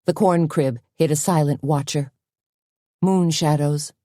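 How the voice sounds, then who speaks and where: Casting: woman audiobook narrator, deep and warm, steady measured delivery. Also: no room sound, clean studio sound. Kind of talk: scripted narration.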